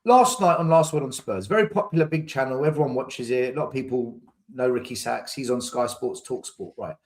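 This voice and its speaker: A man's voice: mid-range voice, fairly quick, a little mellow. A man, hosting a podcast, arguing heatedly in casual debate and repeating words when he gets pressed. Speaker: podcast host.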